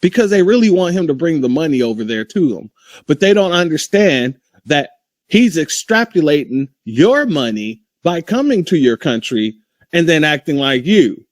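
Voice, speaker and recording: High-voiced host, rhetorical and animated. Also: male voice, no room sound, clean studio sound. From United States. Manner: animated, rhetorical, asks questions and waits. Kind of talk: casual opinion talk.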